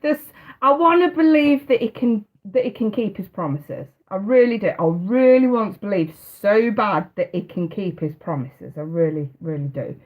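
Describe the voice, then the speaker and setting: A woman's voice: mid-range voice, animated, normal speed, lo-fi sound. A woman, hosting a live tarot stream in casual, hesitant chat and laughing often. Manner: chatty, hesitant, often restarting, laughs a lot.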